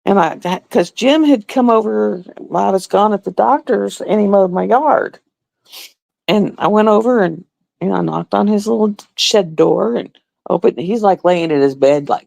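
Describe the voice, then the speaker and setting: Chatty woman on a livestream, kinda gravelly fry in her voice, dry close sound, does little voices for people she quotes. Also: mid-range voice, moderate pace, a little mellow, no room sound. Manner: chatty storyteller, acts out quotes. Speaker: livestream host. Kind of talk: casual chat with viewers.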